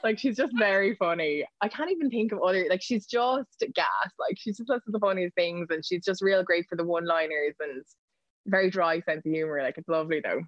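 Fast-talking Irish woman, chatty. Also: lowish voice, dry recording, dull audio. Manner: chatty, quick anecdotes, laughs often. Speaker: guest, news reporter. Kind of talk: casual podcast interview.

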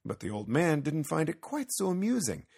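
A man reading a children's Christmas story aloud with lively, expressive storytelling. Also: on the high side, moderate pace, vocal fry, slight background noise. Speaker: narrator.

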